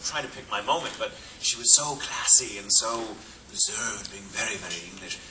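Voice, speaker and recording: A male voice actor on a convention panel, telling lively anecdotes and slipping into voices. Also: fairly low pitch, normal speed. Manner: animated storytelling with put-on voices. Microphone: phone in audience. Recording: distant phone recording with noise.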